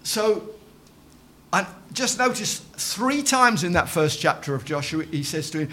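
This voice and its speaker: A man's voice: sits high, sing-song, a little slow, fairly bright tone. A man preaching a sermon in church, emphatic, repeating his phrases and calling for amens.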